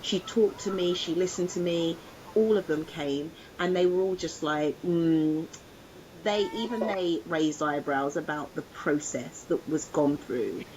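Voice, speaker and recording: A woman's voice: low-pitched, unhurried, darkish tone, lo-fi sound, slight background noise. A woman co-hosting a podcast, telling a personal story in a casual chat and acting out the voices of others. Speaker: podcast co-host.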